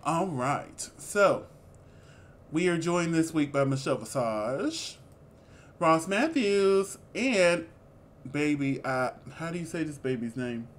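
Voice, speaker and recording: A man co-hosting a casual review chat, animated and exclamatory, with sassy asides. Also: a little high, takes it slowly. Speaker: co-host reviewing a reality show.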